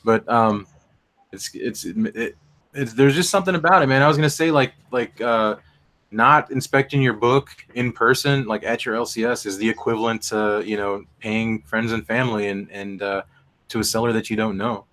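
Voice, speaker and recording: Halting Texan man chatting. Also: fairly low pitch, fairly bright tone. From Texas. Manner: hesitant, halting, many fillers. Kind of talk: casual chat.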